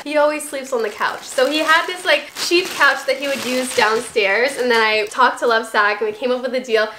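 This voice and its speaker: A young woman vlogger chatting casually while unboxing a haul, gushing and excitable with frequent squeals and gasps. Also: sits high, a little hiss or hum.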